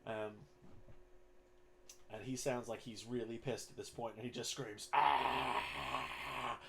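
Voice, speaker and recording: A man running a tabletop game online as game master, narrating in a casual, animated way and making sound effects. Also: fairly low pitch, unhurried, heavy background noise.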